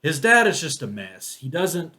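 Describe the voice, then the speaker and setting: A man's voice: fairly high pitch, sing-song, moderate pace, pushed and bright. Rambling man reviewing a movie. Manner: rambling, many restarts and fillers. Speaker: film reviewer. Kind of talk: casual spoken movie review.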